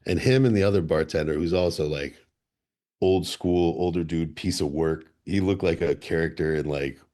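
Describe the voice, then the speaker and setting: A man's voice: deep voice, moderate pace, mellow. A man from the Chicago area, a band member guest in a radio studio, telling rambling anecdotes with many restarts. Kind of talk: casual interview storytelling.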